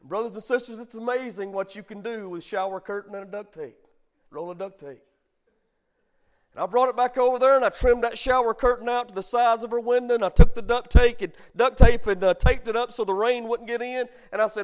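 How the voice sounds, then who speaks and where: Pastor, man, middle-aged, high voice, preaching with call-and-response and folksy storytelling. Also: a little fast. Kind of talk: sermon.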